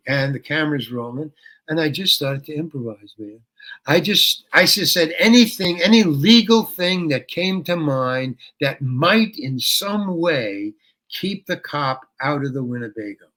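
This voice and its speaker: An older man, an actor and interview guest, telling a story in a lively way and acting out the dialogue. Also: fairly high pitch, a little slow. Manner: animated, acts out dialogue with swearing. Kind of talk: storytelling anecdote.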